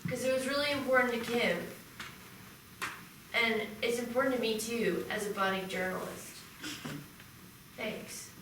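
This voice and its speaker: A woman's voice: a little high, steady tone, unhurried, pauses often, recorded from a distance, background noise, lightly acted. A woman playing a tipsy young college radio station manager, laid-back and rambling, in live improv comedy. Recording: roomy live stage recording from afar.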